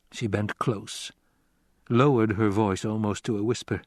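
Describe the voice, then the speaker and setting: A man narrating an audiobook in a measured, unhurried way. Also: fairly low pitch, fairly even intonation, darkish tone, dry recording, studio quality. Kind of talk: scripted narration.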